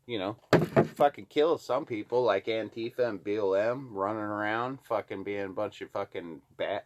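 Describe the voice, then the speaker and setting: A man from Alaska delivers a heated, profane rant straight to camera. His voice sits somewhat low, and he keeps punching words with curses as he rails on. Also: normal speed. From Alaska, USA. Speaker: vlogger. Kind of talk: angry political rant to camera.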